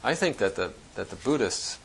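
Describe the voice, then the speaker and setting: Male Zen teacher with a low, gravelly voice, giving a searching dharma talk in a reflective way. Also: big pitch swings, moderate pace, fairly bright tone, slight background noise, rough recording. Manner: reflective, searching, conversational with restarts.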